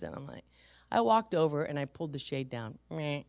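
Gravelly woman preaching with lively stories. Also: low voice, a little fast, no echo, clean studio sound. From San Francisco. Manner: storytelling, acts out quoted voices, emphatic. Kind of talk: sermon with personal stories.

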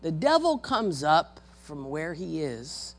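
A woman preaching a sermon in a folksy, animated manner, with joking asides to her congregation. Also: low-pitched, slow pace.

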